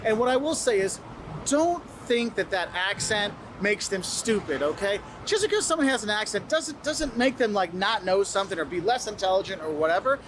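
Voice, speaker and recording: A man's voice: high-pitched, expressive, normal speed, noisy background. A man giving friendly, instructive travel advice to camera, sometimes acting out what locals say. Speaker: travel video host. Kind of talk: advice video, spoken to camera.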